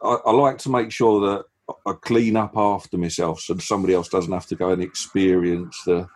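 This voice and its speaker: English podcast guy, husky voice, trips over his words, jokey. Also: low-pitched, little pitch movement, normal speed. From England. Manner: stammers and restarts, jokey. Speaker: podcast co-host. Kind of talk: casual chat.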